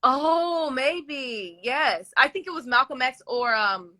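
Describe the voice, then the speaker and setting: A woman joins a casual live chat as a guest, speaking from her bed over a video call. She sounds enthusiastic and affectionate. Her voice is bright and fairly high. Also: animated, slow. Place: in bed at home.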